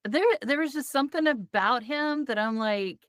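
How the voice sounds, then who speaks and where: A woman's voice: a little high, moderate pace, a bit bright, clear, resonant tone, no echo, studio quality. A woman hosting a podcast, chatting casually, telling stories and laughing often. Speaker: podcast host.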